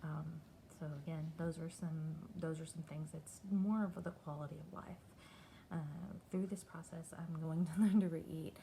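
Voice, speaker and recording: Candid woman, low mellow voice. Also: steady tone, a little hiss or hum, low-quality recording. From Texas. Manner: candid, halting, chatty. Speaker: vlogger. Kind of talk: personal video diary.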